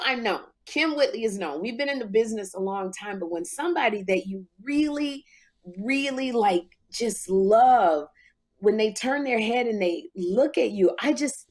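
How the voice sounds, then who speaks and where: A woman in her fifties, a talk show host, telling an emotional story in casual podcast chat, jumping high in pitch when she quotes herself. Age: 50s.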